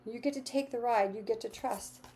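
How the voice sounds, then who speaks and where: A woman's voice: fairly high pitch, moderate pace, dark tone, slight background noise. A woman giving a casual, enthusiastic tarot and astrology reading, repeating her affirmations. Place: home with lawnmowers outside.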